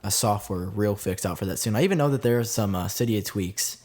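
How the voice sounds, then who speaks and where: Lively man hosting a tech podcast. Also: on the low side, fairly quick. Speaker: podcast host. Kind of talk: casual tech podcast chat.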